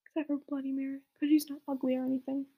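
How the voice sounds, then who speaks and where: A young woman reading the lines of a melodramatic, self-pitying goth teen girl in a soft whisper, as whispered role-play. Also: high voice, little pitch movement, fast talker, narrow, tinny audio. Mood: whining.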